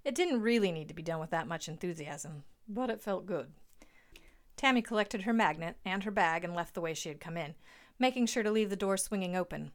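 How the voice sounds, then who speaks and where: A woman's voice: lowish voice, animated, brisk. A woman narrating a story aloud in a dry, wry manner.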